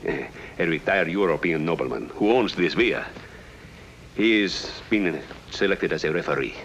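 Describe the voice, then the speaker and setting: An actor playing an anxious, formal government deputy in a 1950s radio drama, speaking hesitantly. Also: male voice, low voice, animated, normal speed, a bit bright, lo-fi sound, slight background noise.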